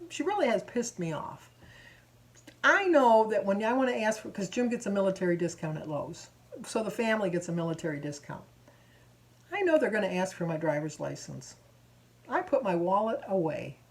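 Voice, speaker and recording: A middle-aged woman from Michigan in a casual vlog, chattily retelling a run-in at a store checkout in an indignant, talkative way. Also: mid-range voice. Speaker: vlogger.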